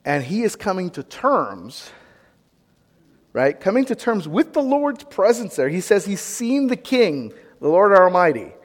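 Pastor type, man, high and very lively voice, chatty sermon in a reverberant hall. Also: a little slow. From United States. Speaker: pastor or Bible teacher. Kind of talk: interactive sermon.

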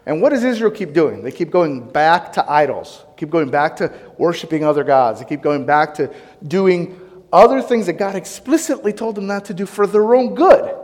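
A male pastor preaching, telling a lively personal story and firing questions at the congregation. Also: on the high side, normal speed, big-room sound. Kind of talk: sermon.

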